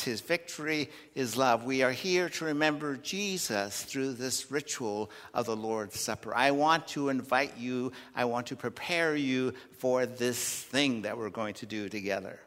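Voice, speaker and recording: A man preaching a Communion Sunday sermon in earnest, rising loud for emphasis and dropping soft in a church. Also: fairly high pitch. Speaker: pastor. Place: church sanctuary. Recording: long reverb of a church sanctuary.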